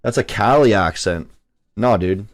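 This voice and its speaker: A young man from Canada hosting a live trading stream, chatting casually, reading chat aloud and swearing when excited. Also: on the low side, measured pace. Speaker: livestream trading host.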